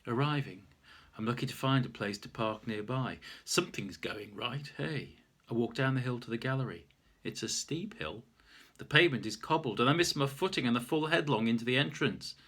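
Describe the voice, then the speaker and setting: A man's voice: mid-range voice, expressive, normal speed, a bit bright. Man, storyteller, wry, self-mocking, plain mid voice. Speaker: author reading his memoir. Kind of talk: reading his own story aloud.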